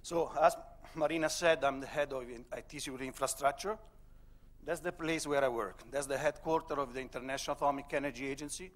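A man with a strong Italian accent, originally from Italy, giving a casual conference talk with slides, asking the audience questions and often restarting his sentences. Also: medium pitch. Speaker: conference speaker. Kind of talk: public lecture with slides. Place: lecture hall. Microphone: handheld or podium mic.

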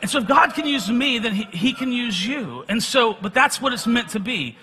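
A man's voice: extremely high pitch, lively intonation, moderate pace, background noise. A middle-aged man preaching a sermon, telling personal stories in a conversational way with self-deprecating humor.

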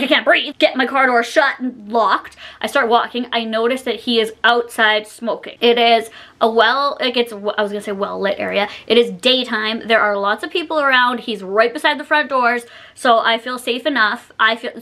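Chatty bright-voiced woman vlogger. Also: a little high. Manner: chatty, heavy use of "like" fillers. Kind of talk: storytime vlog.

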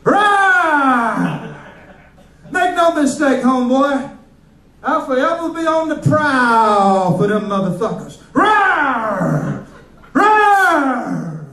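A man's voice: extremely high pitch, big pitch swings, drawn-out words, pushed and bright, reverberant, distant mic, exaggerated voice. A man on stage playing a male lion, roaring and gloating in a rowdy, gleeful way. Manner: growling roars, gleeful, rowdy.

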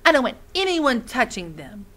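A woman voicing a possessive, bratty boy who shouts his lines in a read-aloud story. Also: a little high, very animated, normal speed, voice pushed up. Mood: angry shouting. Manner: shouting, demanding.

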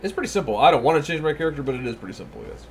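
A chatty male streamer talks casually while he plays, laughing often and mimicking the characters. His pitch swings widely, and loud noise runs under his voice. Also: very animated, very fast. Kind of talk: casual gaming commentary.

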